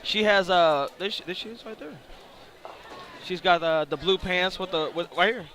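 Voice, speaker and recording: A man's voice: high-pitched, moderate pace, a bit bright. A man doing color commentary at a bowling event, joking playfully with his booth partners. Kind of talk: live sports commentary.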